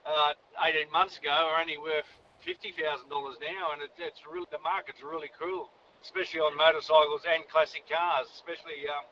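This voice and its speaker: Rambling Australian caller on a dull line. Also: male voice, on the high side, fairly bright tone, a little hiss or hum. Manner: rambling, chatty, repeats himself. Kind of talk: talkback phone call.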